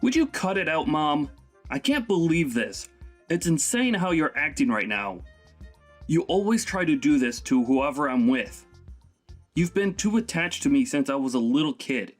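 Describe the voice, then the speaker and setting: A man's voice: fairly high pitch, big pitch swings, moderate pace, faint music behind. A man voicing a young husband who angrily scolds his own mother in a dramatized text-message story. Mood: exasperated. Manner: scolding, exasperated.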